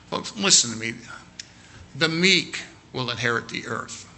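A man telling an animated story with quoted dialogue during a sermon. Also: mid-range voice, measured pace, a little hiss or hum.

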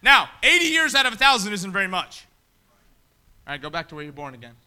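A man preaching a sermon in a church, swinging between shouted appeals and quiet asides. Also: sits high, big pitch swings, fast talker, clear, resonant tone. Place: church sanctuary.

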